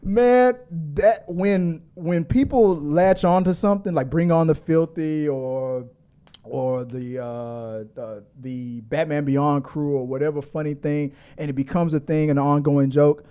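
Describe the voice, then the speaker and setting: Chatty livestream host, fairly high voice. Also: male voice, unhurried, mellow, smooth. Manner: rambling, chatty, laughs a lot, with frequent restarts. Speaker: host of a movie news livestream. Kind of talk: casual livestream chat reading viewer comments.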